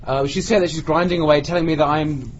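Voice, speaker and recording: A British man with a fairly high, steady voice talks fast as a podcast co-host, telling a comic anecdote among friends and acting out other people's lines. The lo-fi podcast recording carries faint noise.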